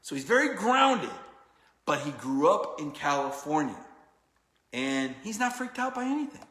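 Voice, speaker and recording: A man hosting a casual sports talk show, telling rambling, animated stories full of quoted back-and-forth. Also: fairly high pitch, moderate pace. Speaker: sports writer and show host. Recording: echoey room with long reverb.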